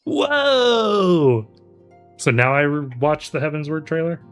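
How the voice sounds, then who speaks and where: A man's voice: a little high, fairly even intonation, fairly quick, clean tone, soft background music. A man streaming a game, chatting casually with friends and laughing often.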